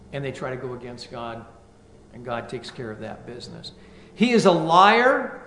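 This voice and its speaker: A pastor preaching a sermon, reading scripture aloud with rising, emphatic force. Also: male voice, fairly high pitch, echoey room.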